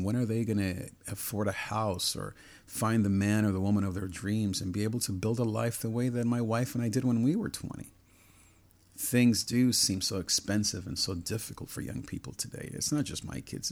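A man's voice: lowish voice, creaky. A middle-aged man preaching a personal sermon, earnest and repetitive, stacking phrases into building lists.

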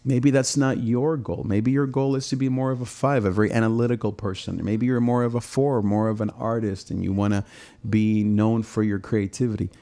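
A man's voice: on the low side, fairly even intonation, a little fast, mellow. A middle-aged man from Southern California, a pastor, talking earnestly about his drive, repeating words as he builds intensity. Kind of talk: personal reflection talk.

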